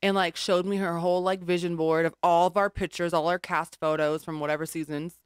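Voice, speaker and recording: A woman with a fairly low voice talks as a podcast guest, rambling, frank and casually profane. The recording is dry and close, with no room sound. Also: level tone, a little fast, clear, resonant tone, no room sound. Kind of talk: casual chat.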